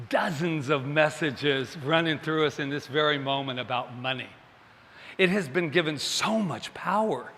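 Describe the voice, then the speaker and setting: A man giving a Sunday sermon, his bright, fairly high voice carrying through a reverberant hall. He keeps it conversational and jokes with the congregation. He often asks them questions. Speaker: minister.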